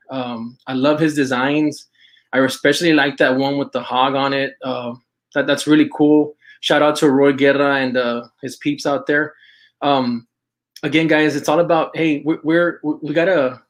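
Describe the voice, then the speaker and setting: A middle-aged man hosts a casual livestream full of shout-outs. He talks in a rambling, halting way with many restarts. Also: on the high side. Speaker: host of an outdoors apparel and magazine show.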